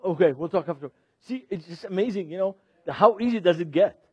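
Speaking a little fast in a high, slightly rough voice, this middle-aged man from Lebanon delivers a sermon-style teaching. He's animated, laughs a lot and questions his audience, captured in a dull, dry lo-fi recording without room sound.

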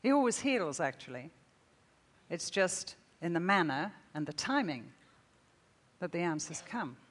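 A woman's voice: fairly low pitch, measured pace. Woman preaching a sermon in a big, reverberant hall. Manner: expressive reading, rising loud then dropping to a hush. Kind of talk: sermon with a read-aloud story. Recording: long reverb in a large hall.

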